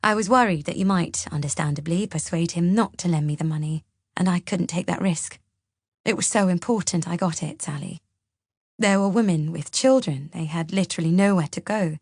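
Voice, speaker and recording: A woman's voice: lowish voice, normal speed, a little mellow, slightly rough, no echo, clean studio sound. A woman voicing a composed mother-in-law. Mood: earnest. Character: composed older mother-in-law, earnest and self-assured.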